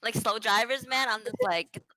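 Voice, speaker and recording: A young woman with a bright, forceful voice chatting on a casual podcast. She swears freely and gets giggly and animated as she tells stories. The sound is close and dry. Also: on the high side, moderate pace, no room sound, rough recording. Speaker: podcast co-host. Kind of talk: casual chat.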